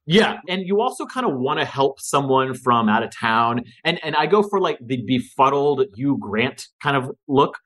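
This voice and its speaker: A man talking as a guest in a casual podcast conversation, energetic, casual and profane. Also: medium pitch, moderate pace, hardly any pauses.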